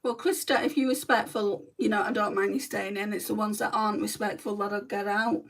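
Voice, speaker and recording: Doing her makeup on a livestream, a woman from North West England chats bluntly with live viewers in a Lancashire accent. Her medium-pitched voice is steady and brisk, picked up by a distant mic.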